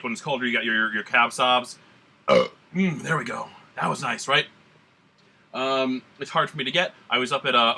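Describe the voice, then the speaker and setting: With a sharp tone at medium pitch, an American man reviews beer on a casual vlog. He fakes a Southern drawl and rambles easily, tossing in slang.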